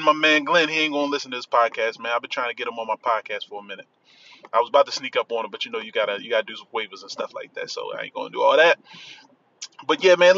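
A man's voice: medium pitch, bright, forceful tone, lo-fi sound. A man with a Washington, D.C. accent hosting a podcast from inside his car, chatting loosely and repeating himself. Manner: loose, repetitive, keeps saying "man". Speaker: podcast host. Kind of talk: casual promo chat. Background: faint vehicle noise.

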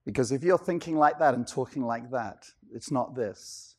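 A man's voice: medium pitch, normal speed, darkish tone. A male pastor preaching a sermon, firing off rhetorical questions and repeating key lines for emphasis.

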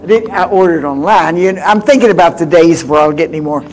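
A woman in her eighties preaching a sermon with personal stories, swinging from loud exhortation to hushed confiding. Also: on the low side, fast talker, faint music behind. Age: 80s.

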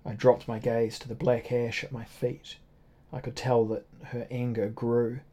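A man narrates a novel in a steady, measured reading. His voice is mellow and dark, and it stays on a narrow, level line of pitch. The delivery is sombre and unhurried. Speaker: audiobook narrator. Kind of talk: scripted first-person narration.

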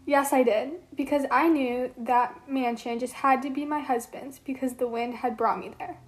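Woman as young mortal Psyche, high-pitched, earnest amateur myth-play reading. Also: steady tone, normal speed, natural voice. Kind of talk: amateur read-aloud role-play.

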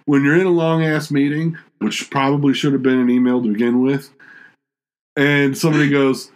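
A man in casual chat, telling relaxed work stories and mimicking coworkers. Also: normal speed. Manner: relaxed storyteller who mimics coworkers in high voices.

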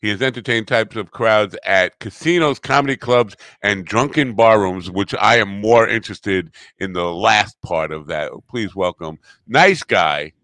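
A man's voice: fairly low pitch, a little slow, hardly any pauses, no echo. A middle-aged man hosting a podcast, chatting casually and playfully, wandering off on tangents. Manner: rambling, playful, lively intonation. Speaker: podcast host. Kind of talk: casual chat.

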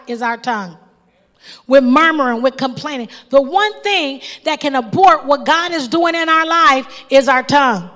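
High-voiced woman preaching with long reverb. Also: pushed and bright. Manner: impassioned, calls out to the congregation. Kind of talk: sermon.

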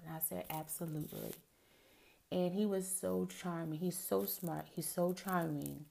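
A woman's voice: fairly low pitch, steady tone, unhurried, vocal fry, warm tone. A middle-aged woman hosting a podcast alone, telling personal stories in a chatty way, with many asides to her listeners. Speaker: podcast host. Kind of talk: casual solo podcast monologue.

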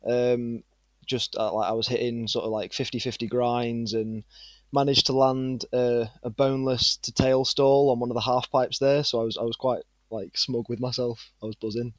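A man in his twenties with a northern English accent, a guest chatting in a relaxed, rambling way with plenty of fillers. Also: mid-range voice, moderate pace, no echo. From England. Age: 20s. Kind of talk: casual interview chat.

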